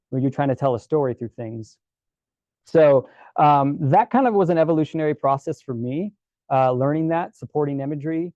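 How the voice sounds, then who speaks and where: A man giving a casual storytelling presentation to a club, relaxed and chatty with many fillers and restarts. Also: on the high side, a little fast, no echo, muffled recording. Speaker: guest presenter at a camera club.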